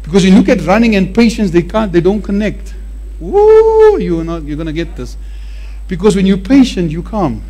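A man preaching a sermon with animated emphasis, often repeating words to drive a point home. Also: high-pitched, a little fast.

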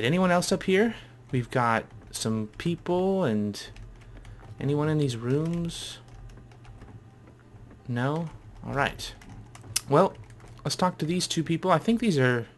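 A man's voice: mid-range voice, a bit bright. A man casually commenting as he plays a game, chatty and thinking aloud. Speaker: gamer.

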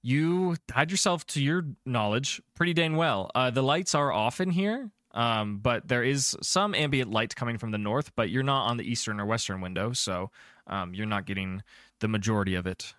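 A man narrating as game master in a tabletop game, chatty and descriptive and filling his pauses with um and uh. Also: mid-range voice, a bit bright, dry recording, clean studio sound.

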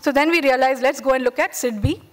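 A woman's voice: high voice, fast talker. A woman with an Indian English accent, an entrepreneur giving a workshop talk. She tells stories, acts out the voices of callers and customers, and checks in with her listeners with "right?" and "okay". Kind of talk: lively motivational talk with anecdotes.

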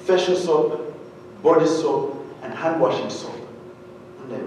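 A man from Uganda telling a humorous, animated story to an audience, often asking them questions. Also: on the high side, measured pace, a little hiss or hum. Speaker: speaker. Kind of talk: storytelling keynote talk. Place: large hall with an audience. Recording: very echoey hall, heard from a distance.

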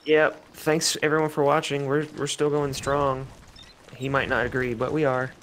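A man's voice: mid-range voice, level tone, normal speed, fairly bright tone, a little hiss or hum, poor audio. A man co-hosting a let's play, chatting casually and trailing off as he searches for words. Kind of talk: casual gaming chat.

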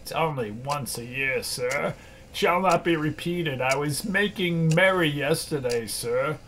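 A man voicing a timid, apologetic clerk, meek and soft-spoken, in an audiobook reading. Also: on the high side, unhurried, slight background noise, voice pushed down. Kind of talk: audiobook character voice.

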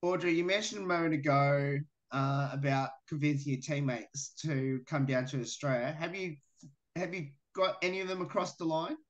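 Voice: medium pitch, fairly even intonation, normal speed, highs cut off. A radio interviewer asking athletes questions in a friendly way over a video call. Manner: friendly, laughs between questions.

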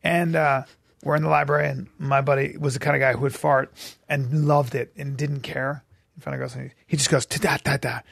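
A man co-hosting a podcast, telling excitable stories in casual chat and swearing freely. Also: medium pitch, brisk, creaky, dry recording, studio quality. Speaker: podcast co-host. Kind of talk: casual chat, animated storytelling.

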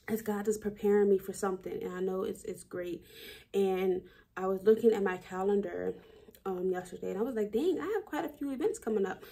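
Gravelly, husky woman vlogging. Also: mid-range voice, mellow. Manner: reflective, rambling, with many fillers and restarts. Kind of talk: personal daily video diary.

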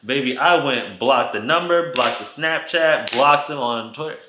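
A man telling a story to his viewers in a casual vlog, animated and profane, talking straight to his audience at home. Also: medium pitch, moderate pace, roomy sound, background noise. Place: his apartment.

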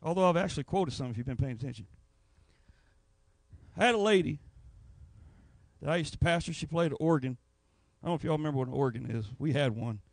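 Male preacher, high-pitched and lively, folksy storyteller, dry close sound. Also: fast, gravelly, long pauses, no room sound. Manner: animated, folksy storytelling with acted voices. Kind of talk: Pentecostal revival sermon.

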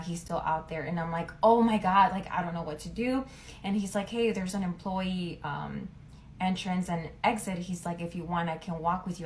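A woman's voice: fairly low pitch, a little hiss or hum. A young woman retelling a story casually, chatty and full of fillers. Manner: chatty, lots of "like", dramatic retelling.

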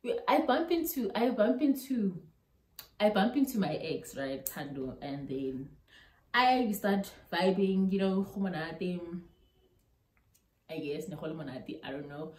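A young South African woman with a South African accent tells a storytime vlog in animated style, mixing local-language words into her English. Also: on the low side, measured pace. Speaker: YouTuber. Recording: roomy echo.

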